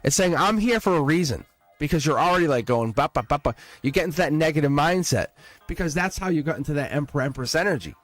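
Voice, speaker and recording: A man giving a live-stream tarot reading, excitable and blunt, swearing and laughing as he talks to viewers. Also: on the high side, quick pace, dry recording, soft background music. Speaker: tarot reader.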